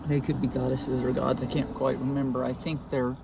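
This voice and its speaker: A woman's voice: very deep voice, little pitch movement, fairly quick, vocal fry, background noise. A woman ranting into her own vlog, swearing constantly and sounding agitated, talking from inside a car. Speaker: vlogger. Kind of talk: casual vlog rant.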